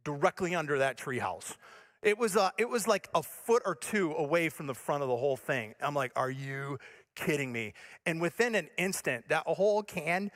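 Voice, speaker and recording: A male pastor with a fairly high voice, preaching as he tells a lively, self-mocking story. He acts out the scenes, with his voice swinging up and down as he goes. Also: normal speed. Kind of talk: sermon with a comic personal story.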